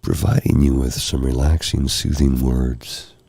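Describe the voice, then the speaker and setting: A tired, hoarse man hosting a soft-spoken ASMR live stream, rambling gently and apologizing often. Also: extremely low pitch, steady tone, measured pace, no room sound, studio quality. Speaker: ASMR host. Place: candlelit room at home. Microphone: close mic for ear-to-ear speaking.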